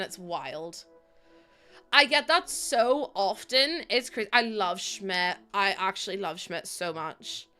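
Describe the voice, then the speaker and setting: A woman's voice: mid-range voice, bright, forceful tone. A woman in her twenties from Northern Ireland with a Northern Irish accent, chatting casually and answering viewers on a live gaming stream. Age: 20s. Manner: chatty, giggly, answers chat.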